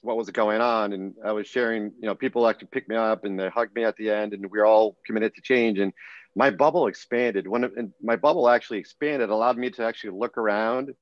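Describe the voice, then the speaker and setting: A middle-aged man speaks as a podcast guest, recounting a personal moment with earnest energy and plenty of restarts. His voice sits on the low side. The sound is dull and lo-fi, with a very dry, close feel. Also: quick pace, no room sound. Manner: earnest, animated storyteller with frequent restarts. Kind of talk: casual storytelling interview.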